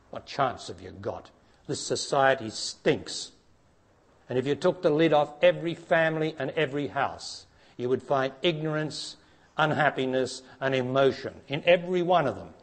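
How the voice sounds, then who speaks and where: A man giving a spiritual talk to an audience, blunt and challenging, dropping to hushed tones and then rising to emphatic ones. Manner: blunt, challenging, preacher-like, asks direct questions; swings between hushed low passages and raised emphatic ones. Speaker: spiritual teacher.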